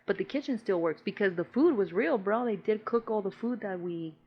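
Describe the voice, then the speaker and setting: A woman chats on a podcast, trading stories in casual slang full of swearing and "bro." She is animated and often laughs mid-sentence. The recording is a bit dull and lo-fi. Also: medium pitch, a little fast. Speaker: podcast co-host. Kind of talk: casual storytelling chat.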